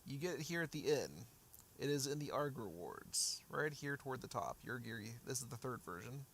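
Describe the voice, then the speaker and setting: A man's voice: mid-range voice, big pitch swings, fairly quick, a bit bright, slight background noise. Rambling male game streamer. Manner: rambling, self-interrupting, answers chat. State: losing his voice. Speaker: gaming streamer. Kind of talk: casual livestream commentary.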